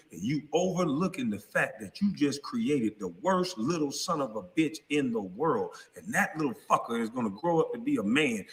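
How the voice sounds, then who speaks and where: A man's voice: medium pitch, fairly bright tone. A man in his thirties delivering a heated, profane vlog rant, angry and confrontational as he addresses people directly. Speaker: vlogger. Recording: long reverb.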